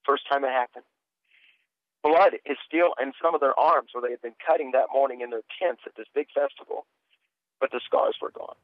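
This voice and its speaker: A middle-aged preacher man tells stories in an interview, earnest and animated as he replays what others said. His voice comes through thin and tinny, as if over a phone line. The sound is dry and close. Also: mid-range voice, normal speed, no room sound. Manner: earnest storytelling, animated retelling of dialogue. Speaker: preacher guest. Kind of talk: testimony-sharing interview.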